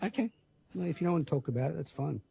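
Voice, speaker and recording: A man hosting a sports podcast in a played clip, calm and hesitant, trailing off with ums. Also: fairly high pitch, racing, vocal fry.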